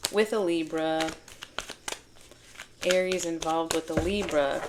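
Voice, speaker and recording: A woman's voice: sits low, very noisy. A woman giving a casual tarot reading to her viewers, chatty, laughing often and breaking off mid-sentence. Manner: chatty, laughing, self-interrupting. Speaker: tarot reader.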